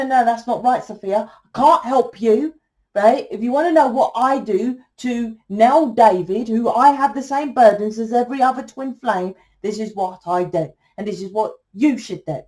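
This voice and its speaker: A woman talking through a casual tarot reading, blunt and salty, often checking in with a quick "right?". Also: on the high side, warm tone. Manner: blunt, swears freely, keeps asking "right?". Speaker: tarot reader.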